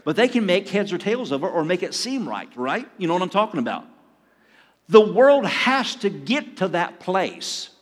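Older man, pastor preaching, high voice, long church-hall reverb. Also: sing-song, moderate pace. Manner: conversational preaching with acted asides and chuckles. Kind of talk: sermon. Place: church sanctuary.

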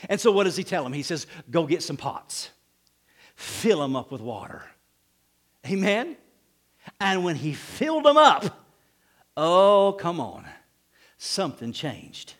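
A man preaching a sermon as pastor, animated, with frequent calls of amen and acted-out quotes. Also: high-pitched, normal speed.

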